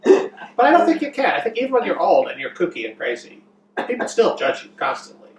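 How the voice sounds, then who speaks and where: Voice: mid-range voice, wildly swooping pitch, a little fast, darkish tone. A podcast co-host in casual chat, teasing and bantering. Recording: roomy, distant mic with faint noise.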